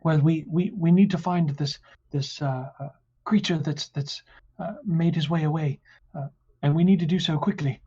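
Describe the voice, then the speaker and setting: A man voicing a nervous, flustered male guard who talks in a rushed, apologetic way. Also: a little mellow, breathy edge. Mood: urgent. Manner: rushed, apologetic, high-strung. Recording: dull lo-fi sound.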